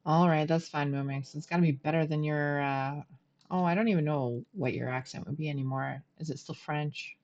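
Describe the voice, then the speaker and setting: Low-voiced chatty woman streamer. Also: moderate pace, darkish tone, lo-fi sound. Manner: chatty, thinking aloud, talking to chat. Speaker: game streamer. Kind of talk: live gameplay commentary.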